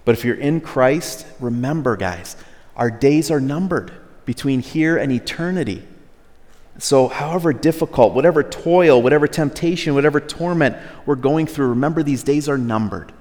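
A man preaching in a loose, conversational sermon style, now and then exasperated. His voice sits at an ordinary middle pitch. A long reverb trails behind him as if he were in a big hall. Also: moderate pace, a little mellow.

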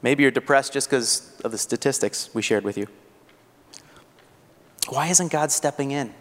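A man's voice: medium pitch, normal speed. A man preaching a sermon as pastor, earnest and building to fervent rhetorical questions. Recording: long hall reverb.

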